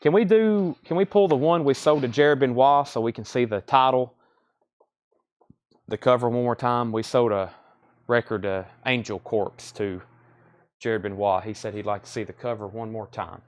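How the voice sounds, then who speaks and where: A man selling records on a live stream from a record store, briskly repeating titles, condition grades and prices. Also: medium pitch. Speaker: record store livestream seller. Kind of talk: live sales patter.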